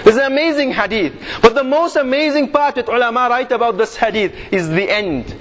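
High-voiced man preaching a sermon. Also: brisk, fairly bright tone, long reverb tail. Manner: vivid storytelling with rhetorical questions.

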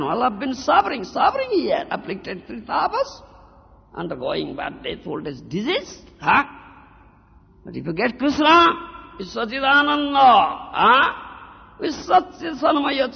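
Male preacher, high and gravelly voice, slow deliberate delivery, repeats phrases and checks in with his listeners. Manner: repeats words, keeps asking "huh?" and "you understand?". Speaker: spiritual teacher. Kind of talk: devotional sermon. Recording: lo-fi recording in a reverberant hall.

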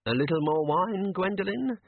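A man's voice: high voice, animated, moderate pace, creaky, breathy edge, no echo, pitched above the performer's own voice, heavily acted. A man voicing a fussy older wizard who is flustered and overly polite. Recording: narrow phone-like sound.

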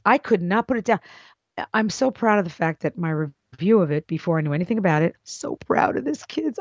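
Woman host, mid-pitched, blunt and emphatic, casual monologue, dull lo-fi sound. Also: expressive, a little fast, darkish tone, dry recording. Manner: blunt, emphatic, swooping into exclamations. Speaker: podcast host and script consultant. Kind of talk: casual monologue advice show. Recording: dull lo-fi dry recording.

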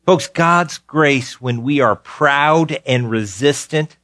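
A man preaching a sermon, earnest, repeating key phrases for emphasis and swinging from rising urgency to quiet low tones. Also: takes it slowly, dry recording, studio quality. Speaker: pastor.

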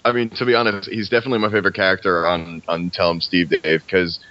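A young man from New Jersey, a university student guesting on a casual podcast, easygoing and quick to laugh. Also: sits low, level tone, bright, forceful tone. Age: young adult. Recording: dull lo-fi sound.

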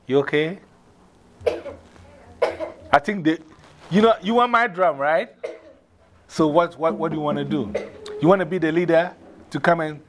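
A man leading a drumming workshop from abroad, coaxing a group through call-and-response with energetic, repeated cues. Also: on the high side, background noise. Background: hand drums playing.

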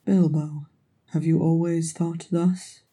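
A woman voicing a brooding male dwarf king, speaking slowly and flatly in a storybook reading. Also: sits low, breathy edge, full character voice.

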